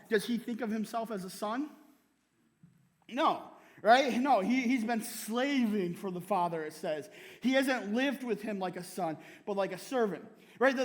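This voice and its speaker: High-voiced male pastor, conversational sermon. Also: long reverb tail. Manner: conversational preaching, tags many lines with "right?"; laughs often while speaking. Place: church.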